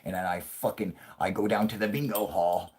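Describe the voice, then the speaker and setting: Late-30s male streamer, low register, profane loose banter, joking and laughing. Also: steady tone, fairly quick. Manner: crude, profanity-heavy rambling with frequent laughs; puts on a yelling grumpy old man for jokes. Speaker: live stream host. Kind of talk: casual live-stream chat.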